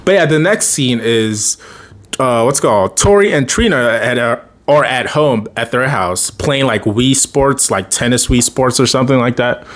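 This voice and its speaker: This man's voice is mid-range and fairly bright, moving at a normal speed. He rambles through a casual recap of a TV episode, chuckling often and performing the characters' lines.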